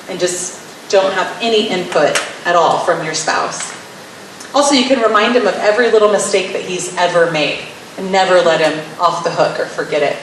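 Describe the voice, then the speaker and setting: A woman's voice: medium pitch, recorded from a distance. A woman teaching about marriage in a wry, teasing way, slipping into little acted-out scenes. Her voice sits in the middle of a woman's range. She is heard from across a very echoey room, with a faint hiss under her. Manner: wry, playfully sarcastic, acts out little scenes. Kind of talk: teaching talk to wives.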